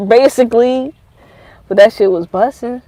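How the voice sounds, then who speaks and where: A woman's voice: a little high, unhurried, rough recording. A woman vlogger telling rambling, profane stories in a casual monologue. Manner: profane, rambling, animated storytelling.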